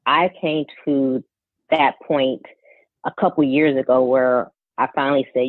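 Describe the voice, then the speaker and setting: A woman's voice: rumbling low, steady tone, unhurried, dry recording. A woman in her forties hosting a podcast interview, affirming her guest with frequent mm-hmms. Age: 40s. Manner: warm, affirming listener, lots of mm-hmms. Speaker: podcast host. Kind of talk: conversational interview. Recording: tinny phone-like line.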